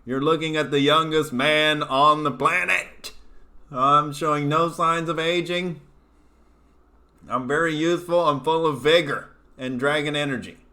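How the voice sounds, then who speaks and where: Male comedy host from Oklahoma, self-mocking livestream chat, bright and a touch high. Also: fairly even intonation, a little slow. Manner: sarcastic, self-mocking, swearing freely. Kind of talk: casual livestream commentary. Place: home studio apartment.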